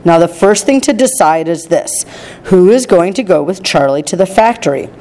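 A woman's voice: lowish voice, moderate pace, natural voice. A woman doing a practical, caring mother. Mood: calming. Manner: animated, then calming.

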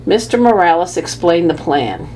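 A woman reads a children's chapter book aloud in a measured, lively first-person voice. Her pitch sits on the low side for a woman, and a faint hum lies under the recording. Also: low-quality recording. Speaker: audiobook narrator. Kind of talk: scripted storybook narration.

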